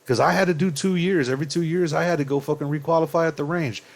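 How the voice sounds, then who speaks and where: A man's voice: a little high, fairly even intonation, quick pace. A young man, ranting angrily to his viewers with profanity and rhetorical questions. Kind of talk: heated opinion rant.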